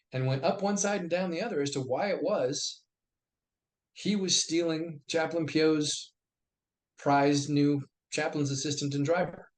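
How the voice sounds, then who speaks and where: A middle-aged man, an army veteran guest, telling stories and acting out the dialogue in lively bursts. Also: a little high. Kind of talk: conversational storytelling.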